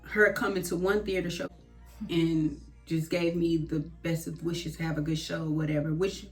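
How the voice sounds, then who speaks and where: A woman's voice: low voice, level tone, moderate pace, soft background music. A woman guest, in a casual personal chat, speaking openly and reflectively with many fillers.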